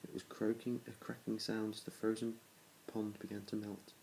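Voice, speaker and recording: In poor audio with some background noise, a man reads a children's book to his kids at a normal speed. His voice sits on the low side, flat and slightly mellow, with vocal fry. It's a plain reading with small restarts and hardly any shift between characters.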